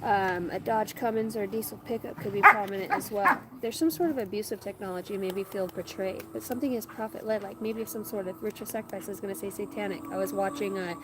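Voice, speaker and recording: A woman doing a live tarot reading, rambling and thinking out loud in a middle-pitched voice. She is recording outdoors on rural land. Loud background noise and animals are heard around her. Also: fast talker, few pauses. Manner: rambling, talks to her dogs. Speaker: tarot reader.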